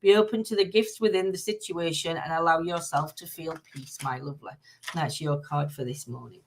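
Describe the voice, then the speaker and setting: Bright-voiced Northern English woman host. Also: on the low side. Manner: rambling, full of fillers, greets viewers by name. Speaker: live-stream host. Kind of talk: casual live-stream chat, reading oracle cards.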